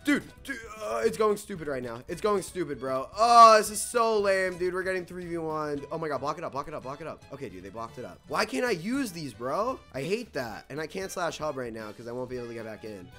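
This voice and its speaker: A young man giving live commentary on a game, excitable, switching between nervous muttering and loud outbursts, saying "dude" and "bro" all the time. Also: fairly high pitch, fast, few pauses, faint music behind. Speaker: gaming YouTuber.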